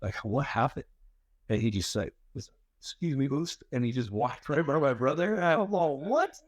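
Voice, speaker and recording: A man's voice: mid-range voice, expressive, brisk, no echo. A man co-hosting a podcast, chatting casually and telling family stories with rambling restarts and easy laughter. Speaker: podcast co-host. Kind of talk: casual chat.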